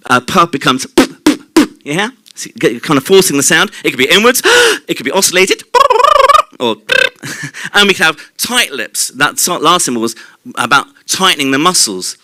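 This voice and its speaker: Bright, lively male presenter. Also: a little high, dry recording. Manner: lively and explanatory, demonstrates mouth sounds and quizzes the audience. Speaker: presenter at a live short-talk night. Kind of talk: live stage presentation. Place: club venue at a live evening event.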